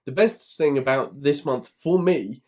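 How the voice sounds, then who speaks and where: A man's voice: medium pitch, expressive, unhurried. Man, podcast co-host, casual chat, sweary, grumbling, self-deprecating.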